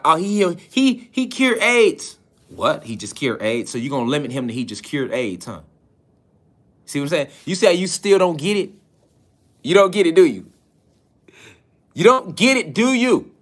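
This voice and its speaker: A man's voice: on the high side, expressive, normal speed, pauses often. A man giving a preaching-style spiritual lecture, hammering his points with repeated phrases and rhetorical questions. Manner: repeats key phrases for emphasis.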